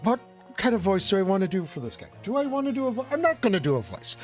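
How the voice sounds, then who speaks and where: A man's voice: high-pitched, sing-song, quick pace, faint music behind. A male streamer reading a game aloud, chatty and self-mocking, swearing as he comments.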